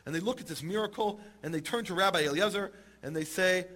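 A man telling a Talmud story in a lively, humorous way and acting out the characters. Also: high voice, fast. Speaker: teacher retelling a Talmud story. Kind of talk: animated storytelling talk.

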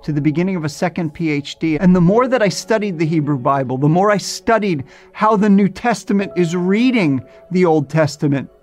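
A man from New Jersey gives an earnest, reflective personal testimony in a slightly higher voice than most men. Soft music plays faintly underneath as he tells his story. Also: lively intonation, brisk, few pauses. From New Jersey, USA. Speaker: testimony speaker.

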